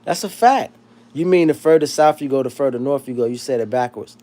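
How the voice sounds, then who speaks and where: Profane, animated man. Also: medium pitch, a little fast. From South Florida. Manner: profane, animated, rambling with restarts. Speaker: livestream host. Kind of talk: casual livestream chat reading comments.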